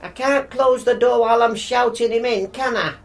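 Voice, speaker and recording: In a radio play, an actress with a slightly high voice, fairly even intonation and normal speed plays a bustling, nagging working-class mum with a northern English accent. She fusses in a practical, motherly way.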